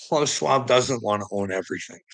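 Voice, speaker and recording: A man's voice: medium pitch, a little fast, creaky, a bit bright, poor audio. A man hosting a rambling live stream, preaching and teasing a viewer directly, laughing often between lines. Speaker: livestream host.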